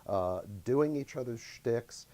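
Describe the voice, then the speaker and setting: A man talking about a vaudeville show on the radio in a relaxed, lightly amused way. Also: medium pitch, slow pace. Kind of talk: radio talk about a production.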